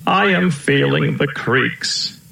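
A man voicing a gentle, fussy old male elephant uncle in a children's storybook, speaking slowly and drawn out. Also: on the high side, gravelly, pitched above the performer's own voice, heavily acted. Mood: complaining. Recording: roomy echo.

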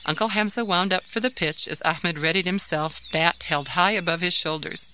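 A woman narrating a children's story aloud in an expressive, sing-song manner. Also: on the low side, normal speed, few pauses, a little hiss or hum.

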